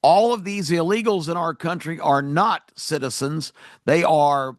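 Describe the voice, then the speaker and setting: A man's voice: a little high, a little slow, dry recording. Indignant talk radio man, close and dry. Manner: emphatic, indignant, with frequent fillers. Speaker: radio talk show host. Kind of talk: political commentary monologue.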